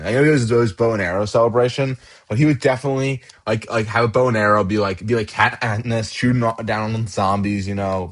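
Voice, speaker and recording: Male channel host, casual tier-list chatter, halting and full of fillers. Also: medium pitch. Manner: rambling, halting, lots of fillers and restarts.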